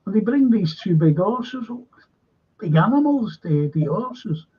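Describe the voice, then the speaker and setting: Husky man, lo-fi sound. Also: high-pitched, big pitch swings, unhurried, warm tone. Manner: rambling storyteller, acts out quotes animatedly. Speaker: show co-host. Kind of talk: casual anecdotal chat. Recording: dull lo-fi sound.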